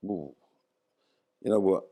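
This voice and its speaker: An older man, telling a story in an interview and acting out what people said. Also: takes it slowly. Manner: animated retelling, acts out quoted dialogue. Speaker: interview guest, former footballer.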